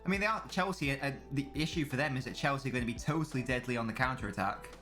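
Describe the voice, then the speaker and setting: A man's voice: mid-range voice, rapid-fire, pushed and bright, faint music behind. A man chatting casually as a live streamer during a football watchalong, rambling and swearing freely while answering chat.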